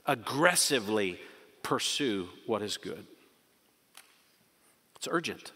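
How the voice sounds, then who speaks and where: A man preaching a sermon as pastor, impassioned, swinging between loud urgent questions and quiet emphasis. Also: lowish voice, lively intonation, takes it slowly, breathy edge. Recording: hall reverb.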